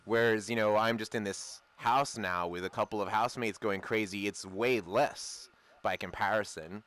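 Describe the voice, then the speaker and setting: A man's voice: fairly low pitch, fairly even intonation, moderate pace, a bit bright, no room sound. A young man chatting casually while gaming, rambling through a story with frequent swearing and laughter. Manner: rambling, profane, laughs often. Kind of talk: casual chat.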